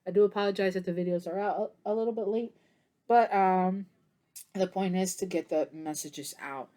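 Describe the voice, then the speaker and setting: A woman's voice: mid-range voice, steady tone, normal speed, mellow. A tired woman giving a casual tarot reading to camera, chatty and meandering, with many fillers and yawns. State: tired, yawning. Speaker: tarot reader.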